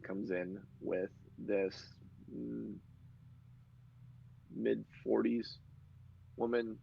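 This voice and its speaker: A man narrating a tabletop game as game master, relaxed and chatty. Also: lowish voice, gravelly. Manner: relaxed, chatty, laughs easily. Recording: lo-fi muffled audio.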